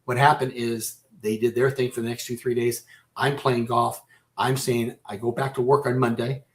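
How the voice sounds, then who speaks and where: A man telling his own story as a radio guest, halting and repeating himself, close to breaking down. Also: mid-range voice, little pitch movement. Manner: halting, repeats and restarts phrases. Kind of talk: personal storytelling in a radio interview.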